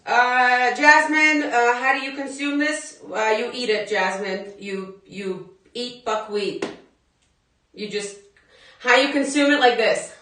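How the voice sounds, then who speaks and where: A woman's voice: fairly high pitch, slow pace, bright, forceful tone, recorded from a distance. A young adult woman leading a live workout class, chatting to viewers in a casual, laughing way. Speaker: fitness instructor. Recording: very echoey room, voice from afar.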